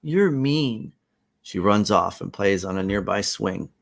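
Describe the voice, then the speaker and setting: A man's voice: low-pitched, gravelly. A man reading his own stage play aloud as a one-man reading, narrating scenes and voicing every role. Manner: slow, animated, laughing at his own lines.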